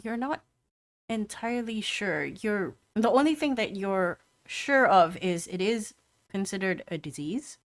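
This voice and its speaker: A woman narrating as game master in a tabletop game, describing scenes in a loose, halting way. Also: medium pitch, expressive. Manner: descriptive, with many fillers and restarts.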